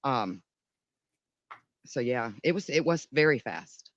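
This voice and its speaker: A man's voice: mid-range voice, expressive, takes it slowly, fairly bright tone, dry recording, lo-fi sound. A man co-hosting a podcast in casual chat, thinking aloud with restarts and casual swearing. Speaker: podcast co-host.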